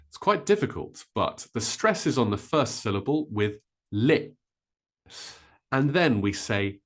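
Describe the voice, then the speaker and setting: A man teaching a vocabulary lesson, modelling each word slowly and carefully. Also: medium pitch, expressive. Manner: slow, careful, with drawn-out model words. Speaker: English teacher.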